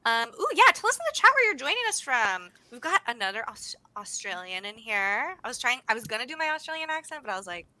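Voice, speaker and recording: A young woman from the United States co-hosting a livestream, chatting in a bubbly, fast way with plenty of laughter. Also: on the high side, sing-song, pushed and bright. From United States (grew up in Sacramento). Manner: bubbly, fast, laughing, says "oh my gosh" often. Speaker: livestream co-host. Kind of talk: casual chat.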